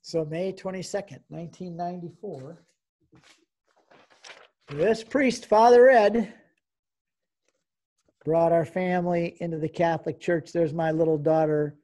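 A man's voice: on the high side, a little slow, long pauses, warm tone. A man in his sixties giving an emotional personal testimony as a guest speaker, telling his story and acting out the dialogue.

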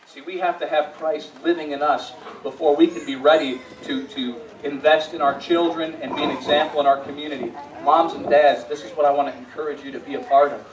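A male pastor with a fairly high voice preaches in a church sanctuary, a little fast with fairly even intonation. He swings from hushed storytelling to rising, emphatic appeals, often repeating words as he restarts a phrase. The audio is echoey and a little distant, with a faint hiss in the background.

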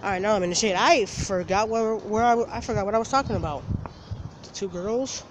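A man casually telling a story for his vlog outdoors, animated and laughing, swearing now and then. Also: high voice, brisk. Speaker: vlogger. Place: outdoors, walking in the open. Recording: outdoor noise from traffic.

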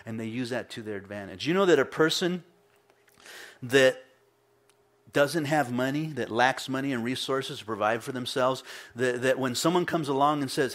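A male pastor preaching a casual, storytelling sermon, mimicking the people he quotes with sudden loud bursts. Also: mid-range voice, moderate pace, pauses often.

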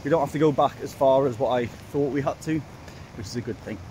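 Brief: man from Wales, hiking vlogger, breathless, chatty, mid pitch, wind noise. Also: quick pace, dark tone. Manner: chatty, self-mocking, keeps calling viewers folks. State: out of breath from climbing. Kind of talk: casual vlog narration while hiking. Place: outdoors on a hillside trail. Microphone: handheld phone. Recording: outdoor wind and ambient noise.

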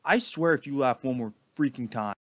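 A man giving mocking, deadpan sarcastic commentary over a video. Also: medium pitch, normal speed, no echo. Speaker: video reactor.

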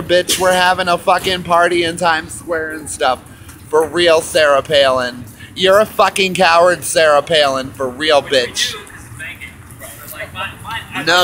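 A man with a high, bright, tense voice rants angrily on a busy city street, cursing and taunting over and over. He speaks straight to the camera in a heated, repetitive street rant. Faint traffic hums behind him. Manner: angry, profane, repetitive taunting.

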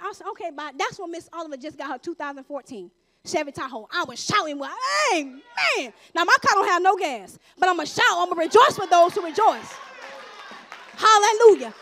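A woman giving a fervent sermon testimony in a church, emphatic and exhorting, breaking into shouts of praise. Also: very high-pitched. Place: church sanctuary.

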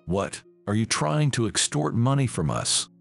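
A man voicing a calm, firm mother who stands her ground, reading her lines steadily. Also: medium pitch, unhurried, gravelly, faint music behind.

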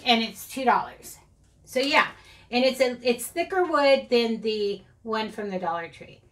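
A woman's voice: sits high, a bit bright, a little hiss or hum. A middle-aged woman, chatting casually and rambling through a craft haul video, often giggling at herself. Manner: rambling, giggly, self-deprecating. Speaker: craft channel host. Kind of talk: casual haul vlog chat.

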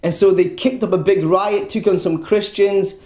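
A preacher delivers an earnest evangelical sermon, often repeating a word before pressing on. The voice has a mellow, darker tone at a middling pitch. The sound is roomy, with the echo of a church around it. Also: fairly even intonation, moderate pace. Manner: earnest, repeats words when stressing a point.

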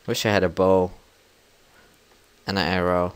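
A young man giving rambling, casual let's-play commentary as a gaming channel host, full of fillers and breaking into sudden loud yells. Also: low-pitched, slow pace, creaky, long pauses, clear, resonant tone.

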